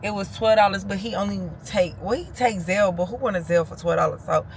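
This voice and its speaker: A young woman chatting casually to camera for her vlog, her voice sitting at an ordinary middle pitch. She talks in a loose, informal way, as if to friends. Car and road noise runs clearly underneath. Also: fast talker. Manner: chatty, loose and informal, addresses viewers as cousins. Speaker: vlogger.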